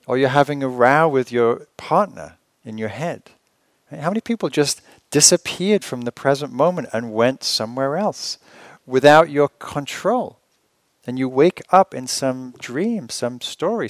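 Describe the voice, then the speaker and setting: A man teaching meditation at a retreat, talking conversationally and asking rhetorical questions with gentle humor. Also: on the high side, dry recording. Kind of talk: retreat dharma talk.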